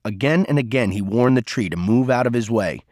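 A man narrating a novel in a steady, measured audiobook reading. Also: mid-range voice, no echo, clean studio sound.

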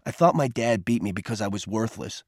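A man's voice: lowish voice, a little fast, dry recording, clean studio sound, natural voice. A man voicing an earnest, remorseful teenage boy. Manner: earnest, heartfelt pleading. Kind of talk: audiobook character voice.

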